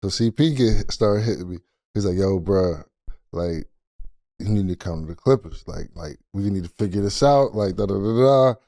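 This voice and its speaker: A man's voice: deep voice, normal speed, gravelly, warm tone, dry recording. A man in his thirties, a podcast guest, telling a rambling story in casual chat with many restarts.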